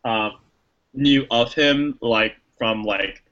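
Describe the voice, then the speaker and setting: A man co-hosting a casual podcast, talking through a film in long rambling stretches full of restarts and fillers. His voice is bright and forceful, and he slips into little acted quotes along the way. The recording sounds a bit dull and lo-fi. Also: medium pitch, takes it slowly. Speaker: podcast co-host. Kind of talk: casual movie review chat.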